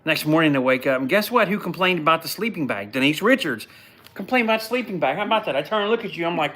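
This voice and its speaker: A man hosting a live podcast, recapping a television show in a blunt, mocking, animated way. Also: fairly high pitch, fast.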